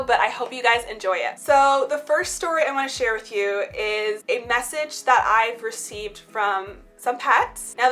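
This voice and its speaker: A chatty woman shares heartfelt personal stories in a relaxed vlog. Her voice sits a little high and sounds bright and forward. She leans on casual fillers as she talks, with soft music playing faintly underneath. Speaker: spiritual vlogger. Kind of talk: casual chit-chat storytelling.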